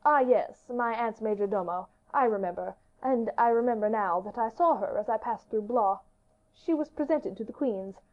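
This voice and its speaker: Woman reading a regal king, brisk and commanding, storybook voice, dull lo-fi sound. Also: a little high, close to an everyday voice. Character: regal young male king, curious and commanding. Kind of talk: audiobook character reading. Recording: dull lo-fi audiobook recording.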